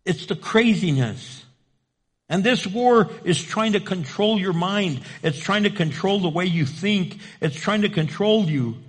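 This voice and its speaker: A male preacher delivers a sermon in a high, ringing voice. He hammers his points with repeated phrases and pointed rhetorical questions. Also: lively intonation, a little slow, breathy edge.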